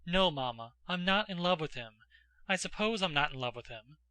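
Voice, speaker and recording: Man doing a teenage noble girl, breathless, pleading, high and sharp, dry audiobook. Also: lively intonation, normal speed, clean tone, dry recording. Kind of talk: audiobook character voice.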